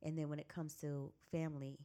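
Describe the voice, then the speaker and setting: A woman co-hosting a casual chat, offering supportive, reflective advice at a calm, measured pace. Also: deep voice.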